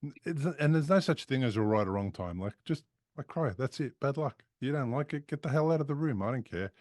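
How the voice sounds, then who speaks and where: A man's voice: mid-range voice, animated, brisk, darkish tone, no room sound. A man as an interview guest, talking openly and emphatically about recovery in casual conversation. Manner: open, frank and emphatic.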